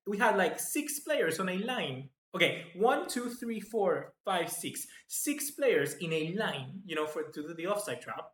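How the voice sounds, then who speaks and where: A fairly high-voiced man talks through a football match live, chatty and easily excited, bursting out at near misses. He reads out viewer comments between plays. His voice rings in an echoey room. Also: measured pace, hardly any pauses. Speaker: football fan channel host.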